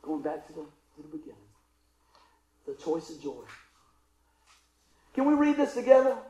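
High-voiced man preaching in an echoey church. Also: moderate pace. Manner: animated preaching, swinging from loud calls to hushed asides. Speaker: pastor. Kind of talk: sermon. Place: church sanctuary.

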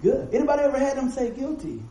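A man's voice: sits high, lively intonation, fairly quick, dark tone, roomy sound, poor audio. A man, a pastor preaching a conversational sermon full of rhetorical questions to his congregation. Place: church hall with congregation. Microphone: live stream mic.

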